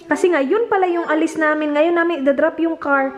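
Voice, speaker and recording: A woman's voice: sits high, fast. A woman in her thirties with a Filipino accent, vlogging casually with her small children at home and in the car, slipping into sing-song baby talk. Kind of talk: casual family vlog, mixing Tagalog and English.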